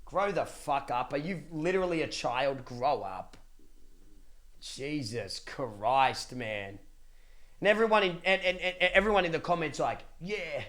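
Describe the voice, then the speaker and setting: A man's voice: fairly high pitch, very animated, normal speed, fairly bright tone. A young man ranting casually to his livestream chat, blunt and profane, with many restarts. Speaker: streamer.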